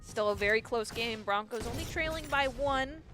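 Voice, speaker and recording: A woman's voice: fairly high pitch, normal speed. Playful female esports co-caster. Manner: chatty, playful. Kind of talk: color commentary.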